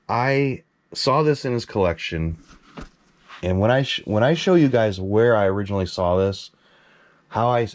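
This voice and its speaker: A man hosting his own collector channel, casually telling a story to camera and acting out what he and a friend said. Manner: animated, acts out his own past quotes with rising pitch. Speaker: mask collector and host.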